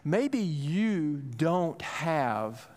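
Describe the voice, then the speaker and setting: A man's voice: a little high, big pitch swings, extremely slow, a little mellow. A pastor in his fifties preaching a sermon, telling a family story in a loose, conversational way with many fillers, then rising into urgent encouragement. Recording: long hall reverb.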